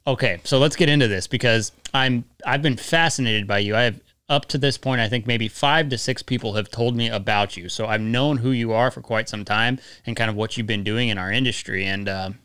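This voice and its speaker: A man's voice: mid-range voice, brisk, hardly any pauses, sharp tone, clean tone, no room sound. A man hosting a podcast, chatting casually and bluntly with a guest in the studio. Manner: blunt, chatty, says what he thinks. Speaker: podcast host.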